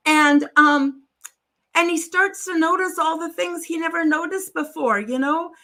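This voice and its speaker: A woman's voice: very high-pitched, a little slow, bright, forceful tone. A woman telling a long story on a live stream, meandering, breaking off and adding wry asides to her listeners. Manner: meandering, self-interrupting, with wry asides to the audience. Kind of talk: rambling spoken storytelling.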